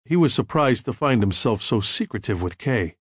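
A man telling a story in an audiobook, measured and expressive. His mid-range voice moves freely up and down in pitch. The studio sound is dry and close, with no echo. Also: slightly rough. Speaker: audiobook narrator. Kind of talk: scripted narration.

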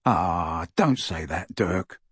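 A man's voice: mid-range voice, sing-song, unhurried, breathy edge, dry recording, studio quality, heavily acted. A man voicing a blunt, frank middle-aged wizard in a storybook reading, confiding and scornful. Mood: soft.

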